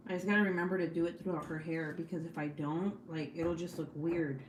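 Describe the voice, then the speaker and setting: A woman's voice: on the low side, fairly even intonation, a little fast, noisy background. A young woman hosting a crafting stream at home, chatting bluntly with lots of swearing and laughter. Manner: blunt, profane and laughing often. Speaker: crafting livestream host. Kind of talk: casual chat while crafting. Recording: echoey room.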